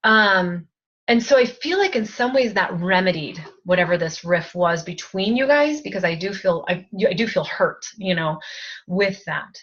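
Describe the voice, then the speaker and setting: A female spiritual advisor runs a group energy-healing session by video call, her voice fairly low in pitch yet animated. Soft-spoken and full of fillers, she delivers emotional, halting lines, and the recording is muffled.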